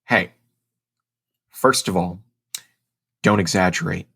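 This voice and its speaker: A man's voice: sits low, slow pace, gravelly, fairly bright tone, breathy edge. A man from Ohio co-hosting a casual podcast, reading out notes and teasing his co-host with mock indignation.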